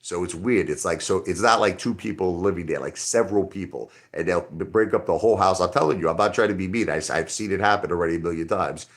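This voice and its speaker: A middle-aged man with a deep voice hosts a casual livestream. He rambles from one point to the next and answers his chat directly in a loose, conversational way. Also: quick pace, hardly any pauses. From Brooklyn, New York. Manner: rambling, talks straight to chat. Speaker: livestream host.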